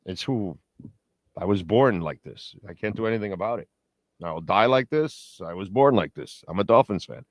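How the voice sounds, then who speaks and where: A man with a lowish, animated voice hosts a pregame sports talk show at normal speed, rambling through opinionated die-hard fan banter. He reads the chat board and passes along listener messages, with no room sound in the recording.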